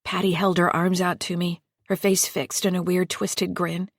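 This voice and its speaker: Low-voiced woman narrating a thriller. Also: level tone, normal speed, dry recording, clean studio sound. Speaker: audiobook narrator. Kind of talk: first-person thriller narration.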